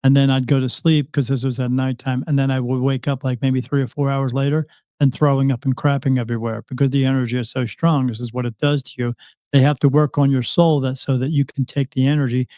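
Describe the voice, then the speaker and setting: A man tells a long, rambling story as a guest on a casual podcast, often stopping to restart and to act out what was said. His voice sits at a middle pitch. The recording is dry and close, with little room sound. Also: flat delivery, fast, warm tone, no echo. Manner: rambling, with many restarts and quoted dialogue. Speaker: psychic medium guest.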